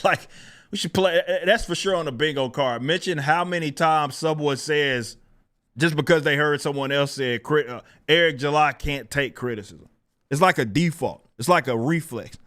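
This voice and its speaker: A man's voice: a little high, moderate pace, fairly bright tone. A man hosting his own channel, venting in casual, profane, exasperated commentary and often breaking into laughter. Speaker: channel host.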